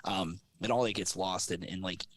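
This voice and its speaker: A man's voice: sits low, moderate pace, no echo. A man working as a gym business consultant, talking brashly and casually with plenty of swearing on a podcast. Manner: brash, profane, animated.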